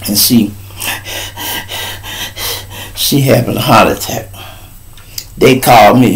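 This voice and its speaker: A man hosting a live street show, telling a profane story in heavy slang, swinging between loud outbursts and low asides. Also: very animated, measured pace, long pauses, poor audio.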